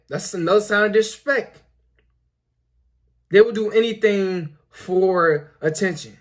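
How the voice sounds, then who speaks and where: Young male host, high voice, preachy and repetitive, filler-heavy casual monologue. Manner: repetitive, preachy, lots of "you know" fillers. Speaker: commentary video host.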